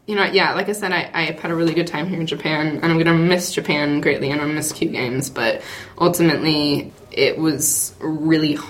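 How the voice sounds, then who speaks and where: A woman from the United States chatting on a podcast, halting and full of fillers and restarts. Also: low voice, fairly even intonation. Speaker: game studio staff leaving, podcast guest. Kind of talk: casual podcast chat.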